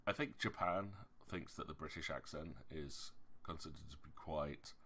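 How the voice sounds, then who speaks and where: A low-pitched man with a Yorkshire accent chats casually with his stream audience while playing a game, at normal speed and with vocal fry. His voice is bright and forceful with a tense edge, and he rambles hesitantly, correcting himself often and pressing hard on whatever annoys him.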